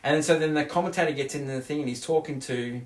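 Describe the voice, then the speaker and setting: A man's voice: on the high side, quick pace. A man co-hosting a casual movie review. He retells scenes animatedly, with many restarts. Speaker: co-host of a movie review show. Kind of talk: casual film discussion. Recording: echoey room.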